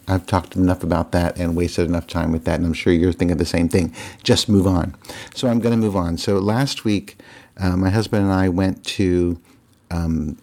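A man's voice: low voice, a little mellow. A man telling a rambling, casual story to his viewers, with lots of fillers and restarts and chuckling at his own tale. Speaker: vlogger.

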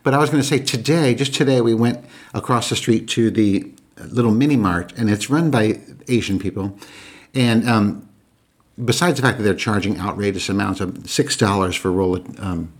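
A man's voice: on the low side, normal speed, breathy edge. A man in his sixties co-hosting a podcast, talking casually and often restarting his sentences. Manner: chatty, restarts mid-sentence. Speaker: podcast co-host. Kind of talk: casual conversation.

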